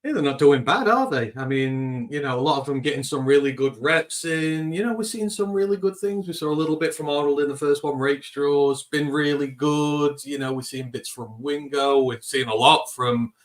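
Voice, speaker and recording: A man from the United Kingdom, a guest on a fan show, giving his views in a relaxed, friendly way with some repeated words. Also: fairly high pitch, normal speed, hardly any pauses. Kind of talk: casual conversational interview.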